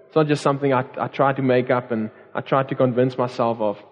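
A man's voice: medium pitch, steady tone, quick pace. A man preaching a sermon to a church congregation, earnest, with repeated phrases and restarts. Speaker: pastor. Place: church hall. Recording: dull recording in a long-reverb hall.

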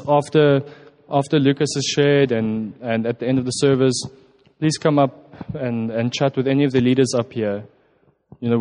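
A man's voice: medium pitch, a little mellow. A man giving an informal, earnest sermon and prayer at a church service, often restarting his phrases. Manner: earnest, halting with repeated restarts. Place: church hall. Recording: long hall reverb.

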